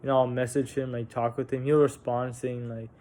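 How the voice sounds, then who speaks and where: A young man casually telling a personal story on a vlog, halting and candid, with frequent restarts, fillers and casual swearing. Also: medium pitch, level tone, darkish tone. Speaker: vlogger.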